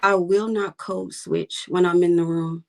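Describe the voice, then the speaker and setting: A woman's voice: fairly low pitch, fairly even intonation, measured pace, vocal fry. A woman guest, a commercial fisherwoman, talking bluntly and emphatically in a casual interview and repeating her points for weight.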